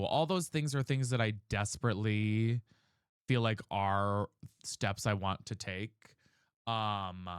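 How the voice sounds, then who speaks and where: A man speaks candidly to a livestream audience in a smooth, clear voice. The sound is close and dry, with no room around it. He talks in an earnest, searching way, often stopping and restarting his thoughts. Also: mid-range voice, fairly bright tone, no echo. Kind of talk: candid casual chat on a livestream.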